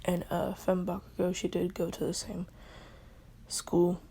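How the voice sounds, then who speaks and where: A woman casually telling a fan story, rambling and halting, often dropping to a half-whisper. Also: lowish voice, completely flat delivery, warm tone, slight background noise.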